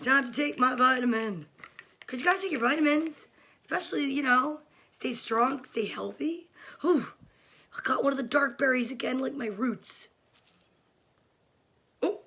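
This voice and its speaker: A woman's voice: high-pitched, moderate pace, long pauses, pushed and bright, slightly rough. A woman hosting a cheerful daily livestream for kids from her home, chatting casually and greeting viewers by name. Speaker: host of a daily kids' livestream. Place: home room during quarantine.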